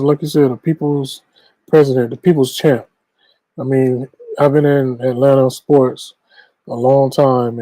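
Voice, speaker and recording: A man's voice: medium pitch, warm tone, no echo, low-quality recording. A man co-hosting a sports talk podcast, bantering playfully. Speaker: podcast co-host.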